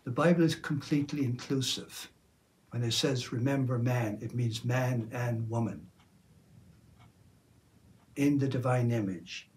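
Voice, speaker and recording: A man who is a Catholic priest, giving a sermon in a slow, measured way with some hesitations. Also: mid-range voice, a little mellow.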